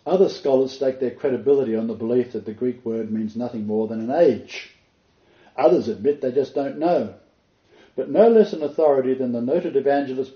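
In an echoey room with dull audio, a man with a medium-pitched voice delivers sermon-style Bible teaching. He reads poetry and quotations expressively, then adds his own comments as asides.

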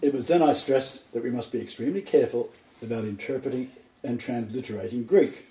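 An emphatic man explains scripture and tells a story in a mellow, dark voice. He sounds distant from the mic, in an echoey room. The recording is dull and lo-fi. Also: medium pitch, a little fast. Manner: earnest, emphatic, building to excited points. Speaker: Bible teacher. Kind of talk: spoken Bible teaching, storytelling. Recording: roomy, far from the mic, dull lo-fi.

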